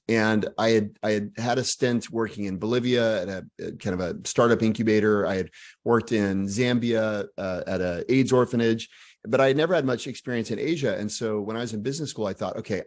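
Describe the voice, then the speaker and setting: Lively, joking man from Texas. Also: on the low side. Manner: energetic, animated storyteller with frequent asides and self-deprecating humor. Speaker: author guest. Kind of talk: casual conversational interview.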